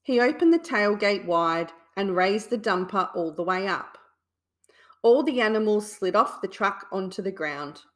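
A woman reading a children's bedtime story aloud in a soothing, deliberate way. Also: mid-range voice, expressive.

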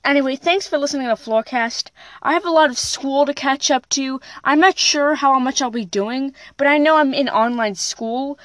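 A woman's voice: high-pitched, moderate pace, a bit bright, no echo. A woman hosting her own podcast, telling a personal story in a plain, unpolished way with occasional restarts. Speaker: podcast host.

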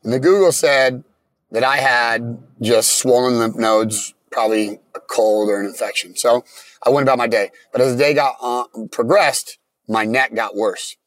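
A man telling his own story in plain, halting casual talk, often restarting his sentences. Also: mid-range voice, a bit bright, no echo.

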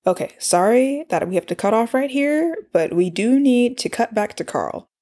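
A woman's voice: on the high side, lively intonation, moderate pace, mellow. A woman chattily recapping a cartoon episode, with exasperated asides. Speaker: show recapper. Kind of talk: casual recap and commentary.

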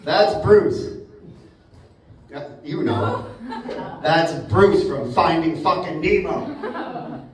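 A man's voice: a little high, expressive, extremely slow, long pauses, crowd noise. Laughing male stand-up comic in an echoey room. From Boston. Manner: profane, laughing at his own jokes. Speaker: stand-up comedian. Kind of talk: stand-up comedy set. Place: comedy club stage with live crowd. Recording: echoey, distant, noisy room recording.

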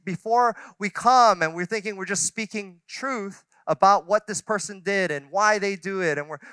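Male pastor, forties, candid storyteller with restarts; bright, crisp tone. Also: high voice, no room sound. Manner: conversational, self-deprecating storytelling with many restarts. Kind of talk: sermon. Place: church sanctuary.

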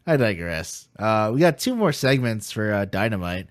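A man co-hosting a casual wrestling podcast, relaxed and recapping matches in detail. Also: fairly low pitch, measured pace, no echo, clean studio sound. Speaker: podcast co-host.

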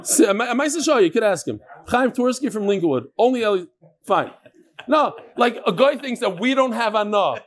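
A man's voice: sits high, big pitch swings, brisk. A man, teaching a Talmud class and telling stories with Hebrew and Yiddish terms.

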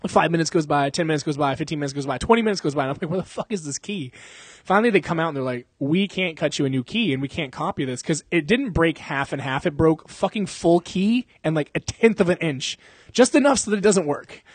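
A man's voice: on the high side, lively intonation, quick pace, slightly rough, dry recording. Rambling, profane young man telling a story. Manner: rambling, profane, full of fillers and sound effects. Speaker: podcast host telling a story. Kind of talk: casual storytelling.

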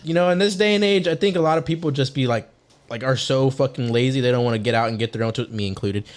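A young man co-hosting a podcast, chatting casually and telling a rambling, animated story with lots of swearing. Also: mid-range voice, quick pace. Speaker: podcast co-host. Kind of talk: casual chat.

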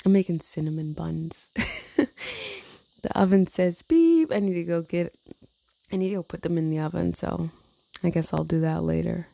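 A woman's voice: fairly low pitch, normal speed, gravelly, mellow, dry recording. A tired woman venting in a casual chat, blunt and profane, rambling with frequent laughs. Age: adult with a teenage niece. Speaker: vlogger.

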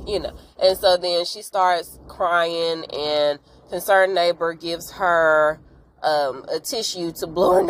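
A young adult woman hosting a podcast, casually recapping an episode with frank, slangy asides and quick acted-out character lines. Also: on the low side, low-quality recording. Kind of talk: casual chat.

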